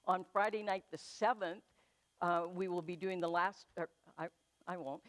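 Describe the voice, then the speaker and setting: A woman minister with a lowish, fairly even voice makes chatty, self-deprecating church announcements. She then leads a slow, soothing guided meditation in the church sanctuary.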